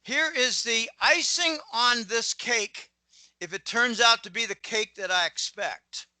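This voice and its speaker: A middle-aged man from Pittsburgh with a plain American accent speaks in a fairly high, very bright, cutting voice. The sound is dry and close, with no room around it. He rambles as an opinionated guest, drifting into asides and clearing his throat often. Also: measured pace, no room sound, low-quality recording. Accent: General American, lost his Pittsburgh accent. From Pittsburgh, USA. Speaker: guest commentator. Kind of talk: casual interview monologue.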